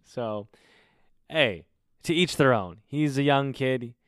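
Animated, profane young man. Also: medium pitch, slow, clear, resonant tone, no echo, clean studio sound. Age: 20s. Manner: animated, profane, exasperated retelling. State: recovering from covid. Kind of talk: casual storytelling to camera.

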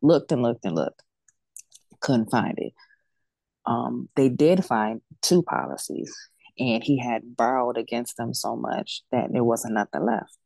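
A woman in her forties, a death doula guest, telling a personal story in a casual, animated and emphatic way. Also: a bass voice, measured pace, gravelly, no echo.

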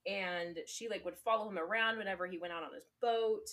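A woman's voice: medium pitch, fairly quick, a bit bright. A young woman co-hosting a podcast, casually retelling a story with lots of "like" and fillers and frequent laughter. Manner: laughs often. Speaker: podcast co-host. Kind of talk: casual chat.

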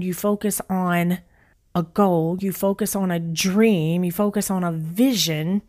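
A woman speaking straight to her listeners in a frank motivational talk, voice sitting at a middling pitch. She is blunt and emphatic, drives her points home by repeating them, and drags certain words out slowly for weight, with a casual curse here and there. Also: a little mellow.

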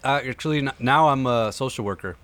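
A man's voice: mid-range voice, fast, a bit bright, smooth. A young man, a podcast guest and social worker, chatting in an easygoing way with many fillers. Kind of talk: casual podcast chat.

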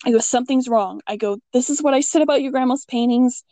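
Animated woman telling a spooky story. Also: fast, no room sound. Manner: animated, acts out quotes with big pitch jumps and laughs. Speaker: guest telling a ghost story. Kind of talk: casual storytelling chat.

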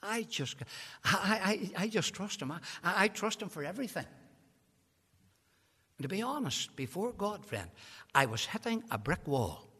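A man's voice: high voice, sing-song, moderate pace, pauses often, breathy edge. A man preaching an evangelistic sermon, telling a story with rising passion. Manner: impassioned, building to shouted climaxes. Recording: long hall reverb.

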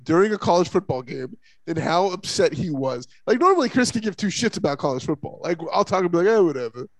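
A man co-hosting a casual sports talk podcast, rambling and animated with lots of fillers and restarts. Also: high voice, fast, dry recording. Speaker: podcast co-host.

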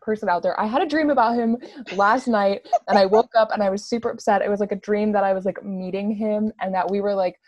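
A woman's voice: mid-range voice, steady tone, fast talker, darkish tone, dry recording, muffled recording. Gushing young woman, casual chat. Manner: bubbly, gushing, lots of "like" fillers.

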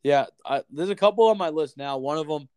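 Profane, animated man telling a story. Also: on the high side, fairly quick, smooth, no echo. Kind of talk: casual storytelling chat.

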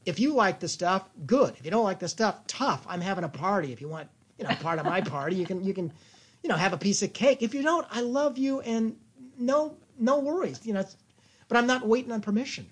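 A man talking as a guest in a casual interview, playful and lively, with many restarts. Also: high-pitched, fast talker, husky. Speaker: guest, creative thinking consultant.

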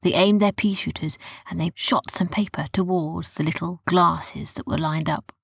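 Husky-voiced woman telling a bedtime story. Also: fairly low pitch, fairly even intonation, normal speed, no echo, studio quality. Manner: soft, often dropping to a whisper. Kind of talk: children's bedtime story narration.

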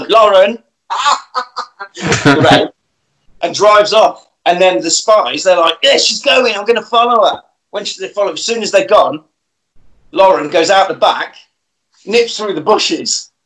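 A man casually retelling a story's plot as a podcast host. He is animated and laughs easily. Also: high-pitched, rough recording.

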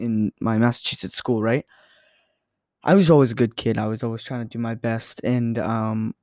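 A young man hosts a podcast, rambling through stories in a casual monologue full of fillers and self-corrections. His mid-range voice has a darkish tone, captured as clean studio sound with no echo.

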